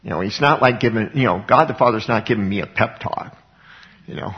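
A man's voice: lowish voice, a little fast. A man giving an informal sermon as a Bible teacher, talking conversationally, chuckling often and acting out scripture quotes dramatically. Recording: dull lo-fi recording.

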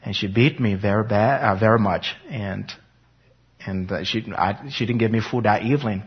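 A man with a husky, slightly low voice tells his faith testimony in an earnest, reflective way. The recording sounds dull and lo-fi. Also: normal speed. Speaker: speaker giving a personal testimony.

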